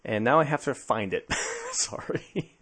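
A man's voice: medium pitch, huge pitch swings, measured pace, a bit bright, husky. A man hosting a podcast, talking casually and conversationally, easily amused. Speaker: podcast host.

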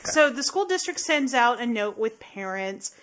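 A female podcast co-host with a voice pitched a little high. She talks emphatically and bluntly, dropping swear words freely into a casual chat. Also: lively intonation, moderate pace, a bit bright.

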